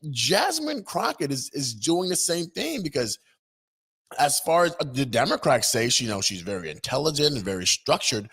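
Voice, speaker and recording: A man's voice: mid-range voice, very animated, normal speed, a bit bright, breathy edge. Sarcastic male commentary host. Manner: sarcastic, mocking. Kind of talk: opinion commentary.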